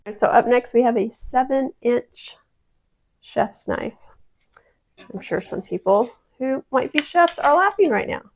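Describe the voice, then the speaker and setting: Woman, home kitchen product tester, chatty, dramatic asides, gravelly fry. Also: on the high side. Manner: chatty, self-interrupting, dramatic exclamations. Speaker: product-testing vlogger. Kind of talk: casual kitchen product review.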